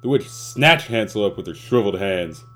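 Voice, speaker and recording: A man's voice: fairly low pitch, animated, normal speed, fairly bright tone, faint music behind. A man narrating a fairy tale as a comedic parody, in a mock-storybook tone peppered with street slang.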